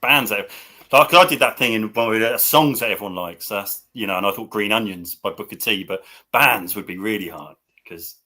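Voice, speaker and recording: Bright-voiced, chatty middle-aged man. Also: on the low side, normal speed. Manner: chatty, laughs often. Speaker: host. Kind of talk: casual chat about records. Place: home room. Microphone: webcam or computer mic.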